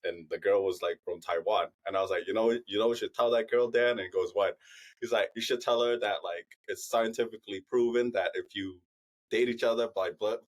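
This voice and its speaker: A man in his thirties, a podcast co-host telling funny stories in casual chat, laughing often. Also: on the low side.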